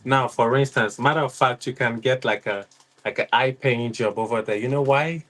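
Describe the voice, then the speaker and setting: A man's voice: mid-range voice, normal speed, fairly bright tone, poor audio. A man from Nigeria, talking casually and explaining with examples, often adding "you know". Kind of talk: casual podcast chat.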